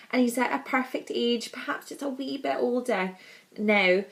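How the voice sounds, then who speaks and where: A young woman talking candidly and warmly in a casual personal vlog, chatty and heartfelt. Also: sits high, normal speed. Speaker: vlogger.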